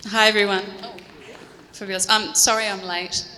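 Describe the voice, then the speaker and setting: A woman's voice: mid-range voice, little pitch movement, moderate pace, bright, forceful tone, a little hiss or hum. A woman with a New Zealand accent speaking on a convention panel in a friendly, chatty way with many fillers. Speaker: panel guest. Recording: echoey convention hall.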